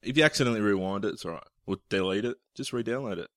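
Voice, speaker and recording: A man co-hosting a podcast in casual chat, joking, swearing freely and tossing in quick asides. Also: fairly low pitch, fairly bright tone, no echo, studio quality. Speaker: podcast co-host.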